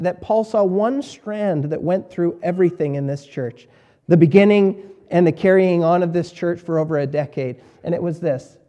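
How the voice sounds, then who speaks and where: A man preaching a sermon as pastor, emphatic, repeating key words and swinging between quiet and loud. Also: high voice.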